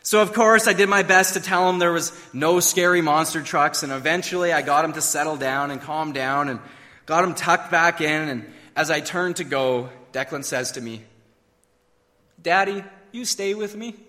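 A man's voice: fairly high pitch, normal speed, bright, forceful tone, big-room sound. A man preaching a sermon, emphatic and full of rhetorical questions. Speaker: pastor.

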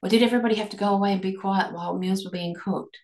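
A woman hosting a reflective podcast, leading listeners through a string of gentle questions. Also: medium pitch, fairly even intonation, rapid-fire. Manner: asks many guiding questions, gentle restarts. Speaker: podcast host and eating coach. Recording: echoey room.

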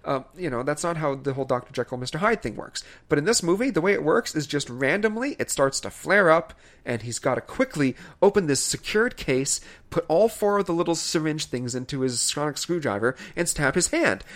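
A man with a somewhat raised pitch talks in loose, casual podcast chat. His delivery is animated and exasperated, full of emphatic rants broken up by laughter. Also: fairly quick, few pauses. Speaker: podcast co-host reviewing films.

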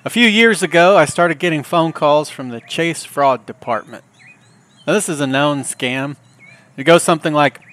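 A man's voice: on the high side, moderate pace. Wry storytelling man, podcast host. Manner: wry, deadpan. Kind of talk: comedic storytelling monologue.

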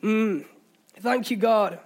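A man's voice: high voice, takes it slowly. A man with an English accent preaching a passionate sermon in a church, urging listeners on, with jokey asides. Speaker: pastor. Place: church hall.

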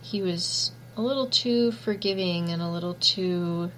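A woman with a fairly low voice reflecting on a book in relaxed conversation. She speaks softly and thoughtfully, and a faint hum runs behind her. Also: a little slow, rough recording. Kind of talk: casual book discussion.

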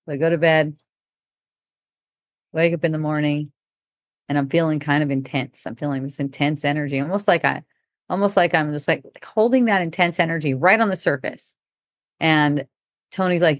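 Middle-aged woman, low voice, casual storytelling, laughs often, dry close sound. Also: normal speed, pauses often, no room sound. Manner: relaxed, laughing often, acting out quoted talk. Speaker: podcast speaker.

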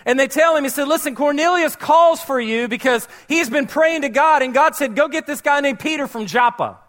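A man's voice: very high voice, brisk, a bit bright. A man preaching a sermon, telling a Bible story and acting out its characters' voices. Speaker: pastor.

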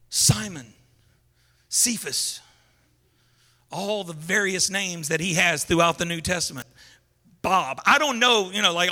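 A man preaching a sermon in a casual, animated way, wandering off on side paths and building up to shouts. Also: sits high. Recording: long hall reverb.

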